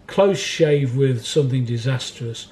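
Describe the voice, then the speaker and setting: Interviewed in a record warehouse, this record collector rambles through anecdotes, laughing as he goes and acting out other people's voices. His mid-range male voice is a little mellow and moves at a measured pace, with slight background noise.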